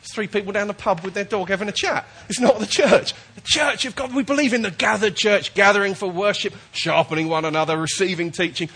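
A man's voice: sits high, brisk, few pauses, a bit bright, slightly rough. A man preaching a chatty, jokey sermon while he has a cold, often checking in with his listeners.

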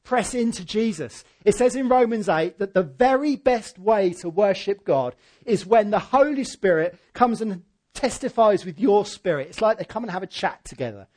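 A man preaching a sermon in church, swinging from loud emphatic peaks to quiet, low asides. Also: lively intonation, normal speed. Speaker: pastor.

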